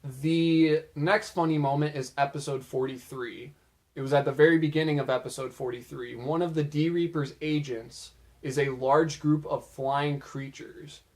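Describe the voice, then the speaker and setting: A man's voice: fairly high pitch, steady tone, normal speed, a little mellow. A young man casually recapping funny anime moments, chatty and loose, with lots of filler words. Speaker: video creator.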